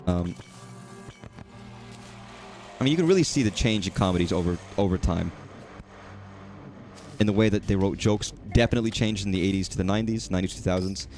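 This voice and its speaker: A man's voice: sits low, a little fast, pauses often, darkish tone, soft background music. A man chatting casually while streaming a game, rambling and swearing at enemies. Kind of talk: casual gaming commentary.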